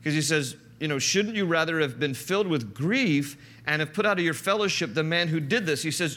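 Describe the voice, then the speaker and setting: A man's voice: fairly high pitch, expressive, fairly quick, few pauses, bright, forceful tone. A man preaching a conversational sermon as a pastor, teaching through a passage and rising in emphasis when he quotes.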